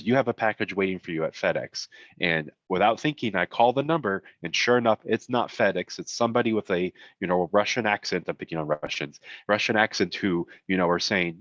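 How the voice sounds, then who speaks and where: Man, low voice, conversational webinar presenter with offhand humor, voice tiring; dry, slightly muffled mic. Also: fairly bright tone, dry recording. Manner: conversational, self-deprecating asides. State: voice getting tired. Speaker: cybersecurity presenter.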